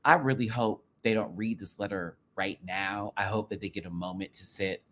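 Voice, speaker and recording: A man with a sassy, animated way of talking, commenting casually to camera on a reality show. He uses drag slang and jumps from loud bursts to hushed asides. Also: lowish voice, normal speed, slight background noise. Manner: drag slang, calls viewers sister and baby. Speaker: drag race show reviewer, channel host.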